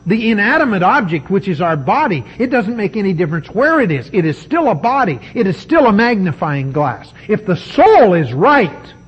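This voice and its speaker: A man preaching a sermon, emphatic and deliberate, with dramatic pauses. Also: high voice, very animated, breathy edge, lo-fi sound.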